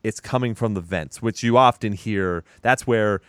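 Low, smooth-voiced man recapping a film. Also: moderate pace, no echo, clean studio sound. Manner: profane, animated retelling with acted quotes. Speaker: podcast co-host. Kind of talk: casual movie recap chat.

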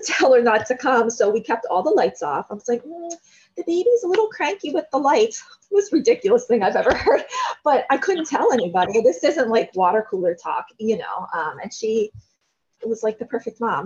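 A woman in her thirties, a guest telling a candid personal story in an interview, self-deprecating and animated when quoting others. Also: medium pitch, slightly rough. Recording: dull lo-fi sound.

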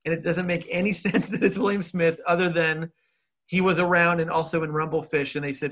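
Man, podcast co-host, bright tone, rambling casual recap, laughs a lot, lo-fi dull sound. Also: a little high, steady tone, a little fast. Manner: rambling, laughs often, loose filler words.

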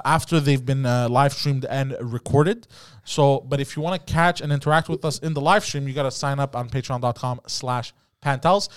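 A podcast host with a fairly high, clear, resonant voice banters loosely on a comedy show. He's rowdy, swears, laughs a lot, and stumbles and restarts his sentences. The recording is dry and studio quality.

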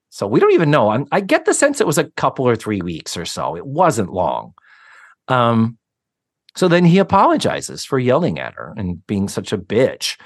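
A man co-hosting a podcast, casually recapping a sitcom episode in an animated, storytelling way with some casual swearing. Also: mid-range voice, normal speed, no room sound, studio quality. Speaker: podcast co-host.

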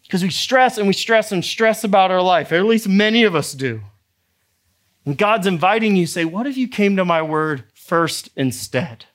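A male pastor preaching a sermon, animated and emphatic, acting out the people in his story. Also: very high voice, moderate pace. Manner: animated, acts out characters, rising to emphatic exhortation.

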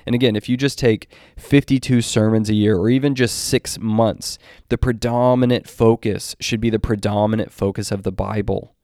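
A man with a fairly low voice delivers earnest, scripted commentary on preaching. He talks emphatically and slows right down to press his main points. The sound is dry and close, with no room around it. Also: warm tone, clean tone, dry recording. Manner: earnest, emphatic, with deliberate slowed stresses. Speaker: Christian commentator.

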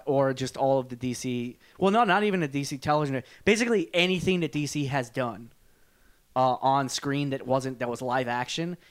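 A man with a smooth, clear voice chats casually as a podcast co-host. He rambles, circles back and corrects himself with plenty of fillers. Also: mid-range voice. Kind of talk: casual chat.

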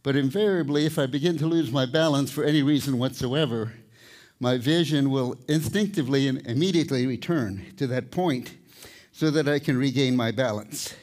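An older man, a tightrope walker, giving a live talk with storytelling and light humor, out of breath at times. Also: medium pitch. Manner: storytelling, warm humor, pauses to catch breath. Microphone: microphone, speaking to a live audience.

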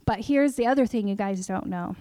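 A woman preaching a sermon, telling a personal testimony in an animated storytelling way and acting out her own past words. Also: medium pitch, brisk, no echo.

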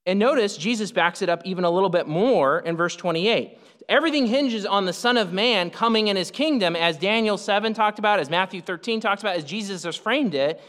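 A man preaching an expository sermon, emphatic, swinging up and down in pitch to stress his points. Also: brisk, fairly bright tone. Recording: reverberant hall.

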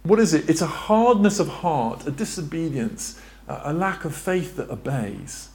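Guy preaching in church, voice jumps all over, pitch a bit high, keeps asking the room questions. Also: normal speed. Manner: lively, asks the congregation questions, draws on a board. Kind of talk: sermon.

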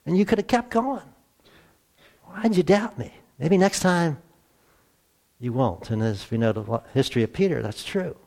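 A man's voice: mid-range voice, big pitch swings, moderate pace, vocal fry, a little mellow. Plain-spoken man preaching a conversational sermon. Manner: plain-spoken, restarts and repeats words. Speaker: pastor.

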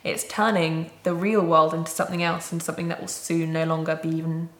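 A woman's voice: deep voice, little pitch movement, fairly quick, a bit bright, echoey room. A woman co-hosting, thinking aloud in a hesitant, thoughtful way. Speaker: co-host. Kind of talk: casual chat about listener entries.

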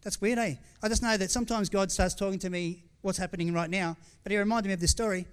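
High-pitched, smooth and fast, with a steady tone, a middle-aged pastor delivers a candid, conversational sermon marked by frequent restarts and asides. He's tearful in places.

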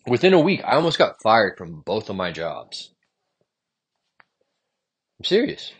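A man's voice: fairly low pitch, huge pitch swings, a little slow, breathy edge. Frustrated, profane young man venting solo. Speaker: podcast host. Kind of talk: solo stream-of-consciousness podcast monologue.

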